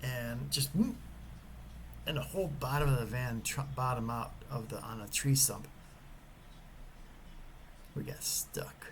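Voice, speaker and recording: A man giving a motivational talk and telling a personal story. He is animated and swings between loud emphasis and hushed whispers. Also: medium pitch, measured pace, pauses often, a little hiss or hum, rough recording. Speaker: motivational speaker.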